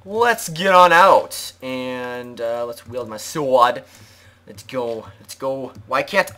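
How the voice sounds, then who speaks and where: This let's play host speaks slowly at medium pitch, his voice pushed and bright on a rough recording with clear background noise. He's chatty and self-mocking, rambling and joking to himself as he plays.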